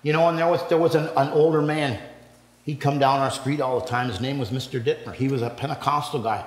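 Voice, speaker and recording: A man's voice: mid-range voice, steady tone, fast talker. An older man from Canada tells his testimony to a men's breakfast. He rambles from story to story, acting out each quote and then swelling into preaching. His voice rings through a roomy church hall with a long, lingering reverb. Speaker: guest speaker giving his testimony.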